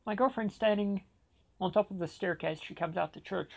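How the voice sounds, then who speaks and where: A man's voice: high voice, normal speed, vocal fry. A man telling a personal story with dramatic flair, acting out the dialogue as he goes. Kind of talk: personal anecdote told dramatically.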